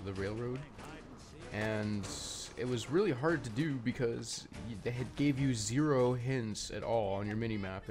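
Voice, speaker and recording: This gaming YouTuber is a young man from Canada whose medium-pitched voice has a somewhat dark tone. He munches on candy while giving loose, meandering commentary over a video game, stumbling through fillers and false starts.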